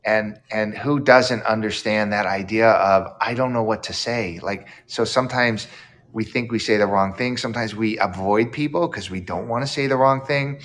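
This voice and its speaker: A man's voice: lowish voice, normal speed, fairly bright tone. A man who is an author guest in an interview, reflective and storytelling, acting out quoted lines. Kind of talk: casual interview chat.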